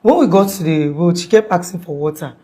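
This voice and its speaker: Young woman, Nigerian accent, lowish voice, rambling casual account, lots of fillers. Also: brisk, warm tone. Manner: rambling and conversational, with frequent "like" fillers and restarts. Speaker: interviewee.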